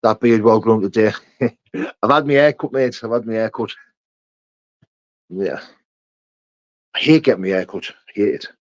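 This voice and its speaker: A man's voice: lowish voice, unhurried, pauses often, no room sound. A young man hosting a casual live chat, reading out viewers' names and answering their questions. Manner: reads out viewer names and greets them, chatty and matey. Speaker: livestream host answering chat. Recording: dull muffled sound.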